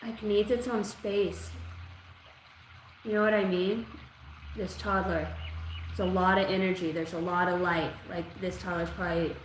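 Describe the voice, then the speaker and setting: A woman's voice: on the low side, flat delivery, a little slow, long pauses. A woman giving a live-streamed tarot reading in a casual, slangy way, often saying "like" and "dude" and swearing now and then. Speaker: tarot reader. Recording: echoey room with faint noise.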